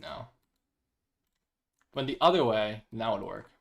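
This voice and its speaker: A man's voice: on the low side, expressive, takes it slowly, vocal fry, highs cut off. A young man streaming chess, chatting casually, self-deprecating and thinking aloud. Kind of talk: casual live-stream chat.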